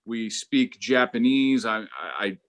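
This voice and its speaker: A middle-aged man doing a stand-up comedy set, rambling and halting, with lots of fillers and restarts. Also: mid-range voice, steady tone, a bit bright.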